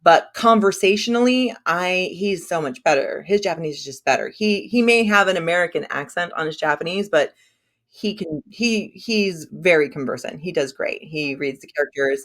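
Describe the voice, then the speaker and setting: A woman's voice: low-pitched, normal speed. A woman whose first language is Spanish, chatting as a guest on a podcast in a self-deprecating, filler-heavy way. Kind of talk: casual podcast conversation.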